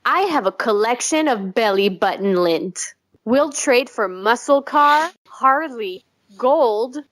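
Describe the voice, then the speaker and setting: A young woman co-hosting a podcast in casual chat, swearing freely, laughing often and rambling quickly. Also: a little high, animated, fairly bright tone. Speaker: podcast co-host.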